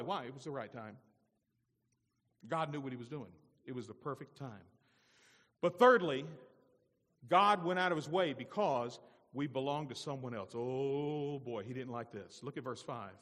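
Man, pastor, sermon, rhetorical questions, high voice, long hall reverb. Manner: animated preaching with rhetorical questions.

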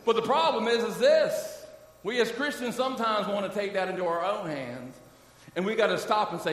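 High-voiced preacher in an echoey hall. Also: male voice, animated, moderate pace, a bit bright, far from the mic. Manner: emphatic preaching, frequent "amen?" and "listen" asides. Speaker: pastor. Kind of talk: sermon. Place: church sanctuary.

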